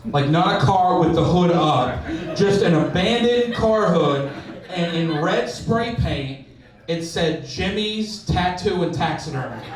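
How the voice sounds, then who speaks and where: A man's voice: on the high side, lively intonation, slow pace, a crowd in the background. A man from Oklahoma telling casual stand-up stories, full of "like". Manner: casual, storytelling, lots of "like". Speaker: stand-up comedian. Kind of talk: stand-up comedy set. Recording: very echoey room, distant mic, background noise.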